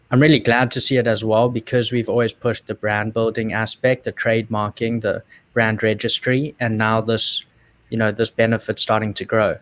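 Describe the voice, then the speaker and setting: A man with a South African accent, co-hosting and explaining business steps in a calm, measured way. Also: on the low side, no echo. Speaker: co-host. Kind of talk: casual explanation.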